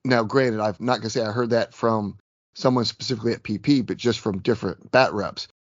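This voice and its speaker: A man co-hosting a casual podcast about a tabletop game, chatty and self-deprecating, rambling a bit, slightly hoarse. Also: fairly low pitch, fairly even intonation, brisk, no echo, muffled recording. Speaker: podcast co-host.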